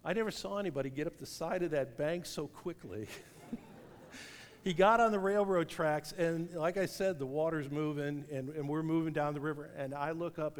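A middle-aged man preaching a sermon, telling a lively story and laughing at his own tale. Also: fairly high pitch. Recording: long reverb of a large hall.

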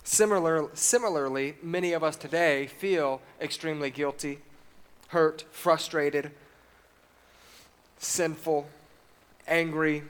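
A man's voice: on the high side, fairly even intonation, slow, pauses often, smooth. A man preaching a sermon, reading scripture aloud and putting questions to the congregation.

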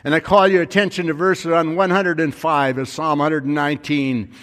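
A man's voice: on the high side, flat delivery, normal speed, fairly bright tone, in a large hall. A male pastor telling a story in a sermon, his voice rising and falling with emphasis.

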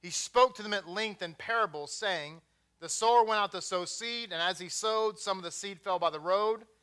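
A man's voice: high-pitched, normal speed, fairly bright tone, clear, resonant tone. A man with a Texan accent preaching a sermon in a conversational way, with joking asides. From Texas.

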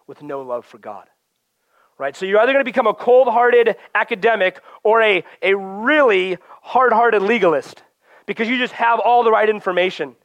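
High-voiced earnest male preacher. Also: animated, normal speed, fairly bright tone, no echo, dull audio. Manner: earnest, conversational, acts out quoted voices. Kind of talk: sermon.

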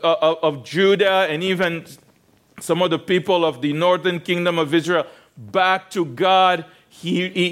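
A man's voice: high voice, fairly bright tone. Man preaching a storytelling sermon. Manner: storytelling with rhetorical questions, frequent restarts. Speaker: pastor.

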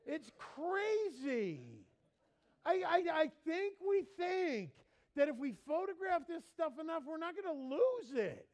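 A man preaching in a church as pastor, lively and playful, mimicking people for laughs. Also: very high-pitched, unhurried, some chatter behind. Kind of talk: sermon.

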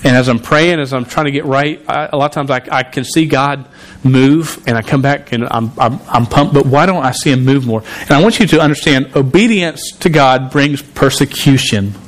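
A man's voice: mid-range voice, moderate pace. A man preaching a sermon in a conversational way, often restarting and repeating words. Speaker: pastor.

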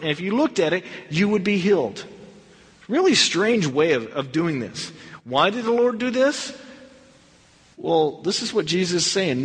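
High husky-voiced man teaching scripture. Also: big-room sound. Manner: conversational, acts out dialogue in quotes. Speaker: pastor teaching a Bible study. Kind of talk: verse-by-verse Bible study teaching.

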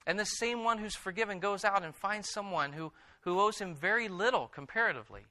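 A man delivers a sermon in a bright, forceful voice that sits a little high for a man. He reads scripture aloud, then presses his point with earnest, emphatic repetition. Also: lively intonation, brisk. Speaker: pastor.

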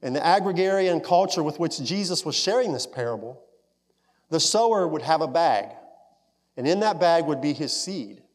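A man preaching a sermon as pastor, earnest, rising to fervent emphasis and then dropping soft and low. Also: animated, moderate pace. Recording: long reverb of a large hall.

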